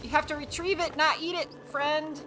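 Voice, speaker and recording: A woman's voice: high-pitched, steady tone, moderate pace, bright, forceful tone, a little hiss or hum. A woman streaming a video game, chatting along with giggles and exclamations, with game music behind. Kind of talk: live game commentary.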